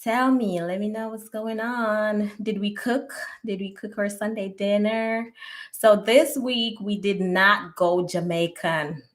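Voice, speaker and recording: A woman hosts a casual live-stream chat at a slow, easy pace, in a middle-pitched voice. She laughs often, greets her viewers by name, and sometimes drops to a near whisper for an aside. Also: fairly even intonation. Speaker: host of a live relationship podcast.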